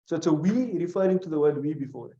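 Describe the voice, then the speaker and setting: A man teaches grammar in a classroom, walking his students through each point and putting questions to them. His voice sits a little high and sounds warm and mellow. The recording is dull and lo-fi, with a roomy echo. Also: animated, creaky. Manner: explains step by step, quizzing students with questions; recites short Arabic phrases quickly. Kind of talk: classroom lesson. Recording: echoey room, dull lo-fi sound.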